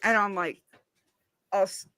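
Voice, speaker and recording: A woman's voice: mid-range voice, fairly even intonation, a little slow, sharp tone, clear, resonant tone, dry recording. A woman guest on a live stream, telling a rambling story casually and swearing now and then.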